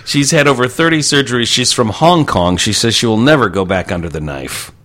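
A man's voice: medium pitch, fairly quick, a bit bright. A man co-hosting a radio show, reading odd news stories aloud in casual, wry banter. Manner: reads news items aloud, wry, loose and rambling.

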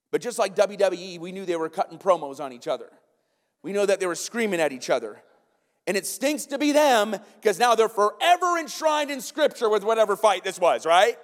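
An American pastor with a high, bright-pitched voice delivers a lively, conversational sermon, often turning to his listeners with quick asides. His voice rings out with a long reverb tail through a large sanctuary. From United States. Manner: lively, conversational preaching with frequent "right?" asides. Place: church sanctuary.

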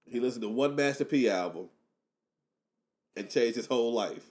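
A man in relaxed podcast banter, joking, rambling through slang and restarts, and cracking himself up. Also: medium pitch, normal speed. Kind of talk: casual chat.

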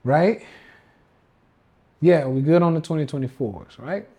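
A man's voice: a little high, measured pace, dark tone, slightly rough. A man hosting a casual livestream rant as a trading coach, slangy and emphatic, often repeating himself. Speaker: podcast host and trading coach.

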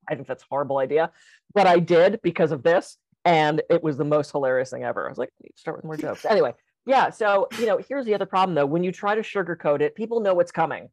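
A woman who runs communication workshops, chatting casually and telling jokes with animated voices. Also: low-pitched, no echo, dull audio. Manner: animated storyteller, jokey. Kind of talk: casual chat.

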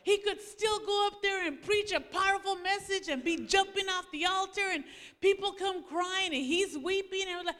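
A high, bright woman's voice delivers a sermon-style testimony, telling her story with animated swings, dropping low and quiet, then leaping up as she acts out quoted arguments. The sound carries a long hall reverb. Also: brisk. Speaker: preacher's wife speaking to a congregation.

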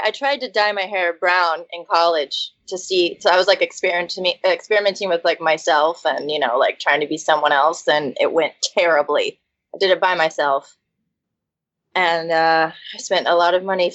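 A woman's voice: lowish voice, normal speed, fairly bright tone, dry recording. A woman in casual chat, chatty and often laughing. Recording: dry muffled sound.

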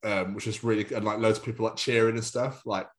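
A young podcast co-host with a fairly low, fast-moving voice that barely shifts in pitch. He chats casually in a jokey, rambling way and keeps sliding into silly put-on voices.

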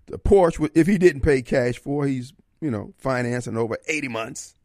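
A man's voice: medium pitch, moderate pace, darkish tone, no room sound. A man hosting a talk radio show from a studio, folksy and theatrical in his opinionated monologue. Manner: theatrical, folksy, slips into voices and asides.

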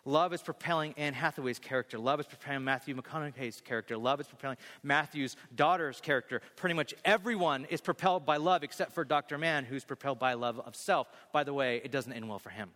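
A man's voice: mid-range voice, fairly bright tone. Emphatic male pastor preaching in a reverberant hall. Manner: emphatic, repeats key phrases, slows on scripture. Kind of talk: sermon.

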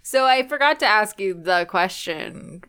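A woman's voice: medium pitch, expressive, measured pace, bright, forceful tone, clean tone. A woman talking through a film in a casual review chat. She is easygoing and agreeable, and she often goes along with her co-host's remarks. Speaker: podcast co-host.

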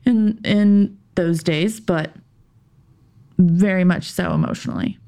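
On a podcast, a female guest shares a personal story in conversation, her voice low, gravelly, and mellow. She speaks haltingly, restarting and pausing, and slips into a tense whisper when she gets worked up.

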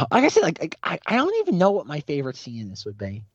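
A man's voice: on the high side, huge pitch swings, fairly quick, slightly rough, no echo, muffled recording. A man co-hosting a podcast in casual chat, speaking in a dry, hesitant way with many fillers. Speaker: podcast co-host.

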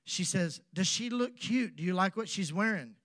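Pastor guy, high voice, animated storytelling sermon, plays both sides of a convo. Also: moderate pace, no echo, studio quality.

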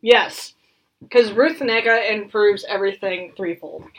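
Speaking in a mid-range voice at a measured pace, a woman co-hosts a podcast. The conversation is relaxed and animated, and she often laughs or lets a thought trail off.

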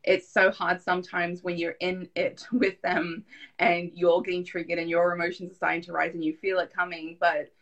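A woman's voice: on the low side, little pitch movement, moderate pace, a bit bright, dull audio. A woman hosting an online parenting event, chatting supportively and thoughtfully with her guest. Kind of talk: casual interview chat.

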